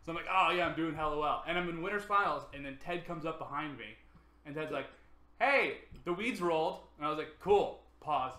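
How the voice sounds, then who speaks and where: A man's voice: fairly high pitch, fairly even intonation, fast, bright, forceful tone. A young man co-hosting a podcast, telling a rambling, profane story in casual chat. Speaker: podcast co-host. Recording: echoey room.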